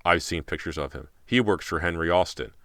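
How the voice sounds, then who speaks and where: A man's voice: sits low, fairly quick, a bit bright, no room sound, clean studio sound. A man voicing a protective middle-aged father who is a judge, speaking in a stern, authoritative way.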